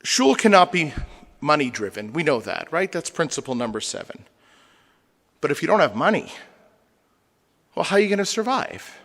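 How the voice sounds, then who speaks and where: A man's voice: on the high side, sing-song, normal speed, creaky, pauses often, a bit bright. A man, a rabbi, lecturing a congregation with humor and rhetorical questions. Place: synagogue hall. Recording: long hall reverb.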